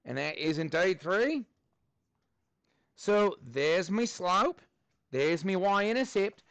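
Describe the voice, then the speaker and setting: A man's voice: high voice, lively intonation, slow pace, fairly bright tone, no echo. A male math teacher leading his class, playful and joking, tossing in mock Australian slang as he works through problems.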